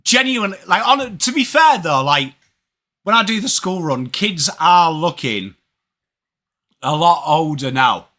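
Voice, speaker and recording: This is a live stream chat in which a thirties-aged man from England, with an English accent, talks with his sports watch-along audience and calls out chat viewers by name. He sounds fairly high-pitched, animated, and sharp, keeping a measured pace.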